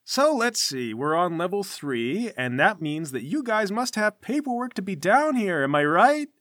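A man's voice: sits high, sing-song, moderate pace, fairly bright tone, dry recording, studio quality, voice pushed up. A man voicing a brash, fake-jovial male guild armsman who talks down to people in a smug, teasing way.

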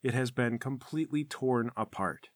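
A man's voice: mid-range voice, moderate pace, no room sound, clean studio sound. A man narrating a tabletop game as game master with vivid, playful scene descriptions.

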